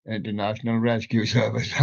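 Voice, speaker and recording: An older man hosts his live stream alone, in an unhurried, rambling way. He chuckles at his own puns and chats to the props around him. The audio is dull and lo-fi. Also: fairly low pitch, gravelly. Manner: chuckling, jokey wordplay, talks to his props.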